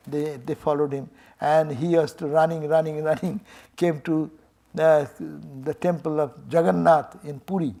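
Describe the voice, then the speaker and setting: Older Indian man telling a sermon story. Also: on the high side. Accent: Indian English. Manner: animated, acts out dialogue, chuckles often. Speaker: swami giving a temple talk.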